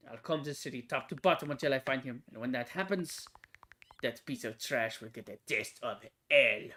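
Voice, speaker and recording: A man voicing a grieving, vengeful young woman at a grave, with a put-on French accent and low, bitter vows of revenge. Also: moderate pace, fairly bright tone.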